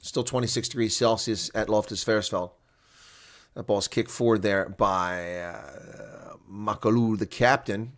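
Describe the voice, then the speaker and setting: A man giving live reaction commentary on a rugby match, chatting to viewers and getting loudly excited on big plays. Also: lowish voice, moderate pace. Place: home setup streaming a reaction broadcast.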